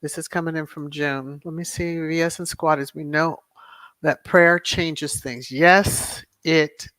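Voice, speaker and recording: Host on a live stream reading chat out, lots of yes yes and thank you, soft and soothing, dry close sound. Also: mid-range voice, steady tone, measured pace, no room sound. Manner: reads viewer messages aloud and repeats thanks and affirmations. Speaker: livestream host. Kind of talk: casual livestream chat.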